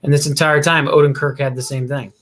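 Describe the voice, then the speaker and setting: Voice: medium pitch, level tone, fairly quick, fairly bright tone. A co-host chatting casually on a live show, easygoing and mostly giving short replies. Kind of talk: casual livestream chat.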